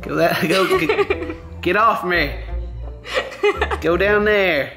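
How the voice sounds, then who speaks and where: Playful joking man with a lively voice. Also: high voice, slow, music in the background. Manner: playful, jokey, sings silly sound effects. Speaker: vlogger. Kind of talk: casual family vlog. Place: at home indoors.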